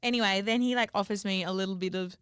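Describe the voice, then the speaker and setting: A woman's voice: mid-range voice, fairly even intonation, quick pace, a bit bright, smooth, dry recording, studio quality. A young woman, co-hosting a podcast and telling a story in casual chat, swearing freely and acting out quotes. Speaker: podcast co-host.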